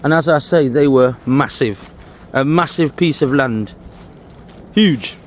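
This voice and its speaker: A man with a mid-range voice talks slowly while walking a disused railway trail outdoors, chatting to the camera as a walking vlogger. He casually points out sights along the way, and there's a little hiss or hum on the recording.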